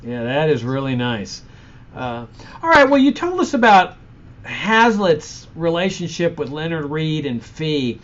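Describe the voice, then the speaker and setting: Somewhat high-pitched man hosting an interview. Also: sing-song, unhurried. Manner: brief reactions and short questions. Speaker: host. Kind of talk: conversational interview. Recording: muffled, slightly dull audio.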